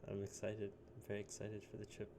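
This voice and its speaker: A man's voice: on the low side, monotone, fast talker, noisy background. A young man in his late teens rambling casually in a solo vlog, full of fillers and little chuckles. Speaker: vlogger.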